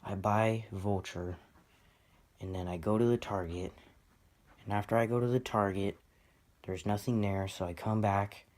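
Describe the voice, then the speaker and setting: Rambling excitable man, lowish voice. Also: unhurried, long pauses. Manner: excitable, rambling, self-mocking. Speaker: toy collector vlogger. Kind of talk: casual rambling vlog.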